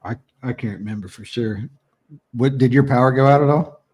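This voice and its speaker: A man's voice: medium pitch, brisk, darkish tone, husky. A man co-hosting a podcast in casual chat, teasing his co-host with profane banter.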